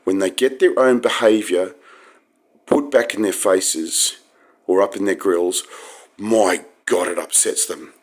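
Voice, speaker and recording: Very deep-voiced rambling man. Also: measured pace. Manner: wry, digressive, with sudden emphatic pitch jumps. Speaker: vlogger. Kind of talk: rambling casual monologue.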